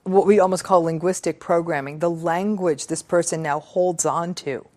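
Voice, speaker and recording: A middle-aged woman psychologist reading out viewer comments and reflecting on them in an earnest, measured, emphatic way. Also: fairly low pitch, fairly even intonation, dark tone. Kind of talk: reflective talk on relationships.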